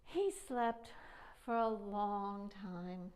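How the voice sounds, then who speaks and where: A woman librarian reading a picture book aloud to children, expressive and asking them questions. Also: medium pitch, drawn-out words. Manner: expressive storytelling, asks young listeners questions.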